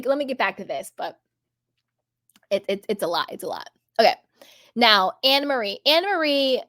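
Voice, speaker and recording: A young woman talks through reality TV gossip in a sassy, emphatic way and hammers her points home by repeating them. Her voice sits a little high. The sound is close and dry, with no room echo. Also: fairly bright tone. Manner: emphatic, repetitive, sassy and chatty. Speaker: host. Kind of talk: casual reality TV commentary.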